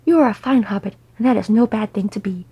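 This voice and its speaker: A woman's voice: mid-range voice, quick pace, breathy edge, highs cut off. A woman voicing an old male hobbit who is fussy, kindly and rambling.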